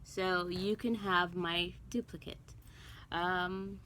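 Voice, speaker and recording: A middle-aged cross stitch vlogger speaks at a measured pace in a mid-range, fairly bright voice, though the audio is poor. Born in Guyana and raised in Brooklyn, New York, she addresses the camera casually, wandering through ums, asides, and self-talk.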